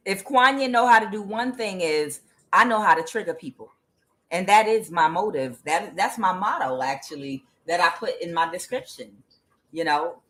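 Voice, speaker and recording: A woman giving a tarot reading as an angry, profane rant, mocking the people she blames and filling pauses with "uh". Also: on the low side, lively intonation, a bit bright. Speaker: tarot reader. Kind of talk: ranting tarot reading monologue.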